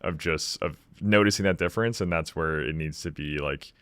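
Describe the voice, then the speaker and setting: A man hosting a podcast interview, speaking thoughtfully in halting, restarting phrases. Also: extremely low pitch, a bit bright, dry recording. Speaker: podcast host.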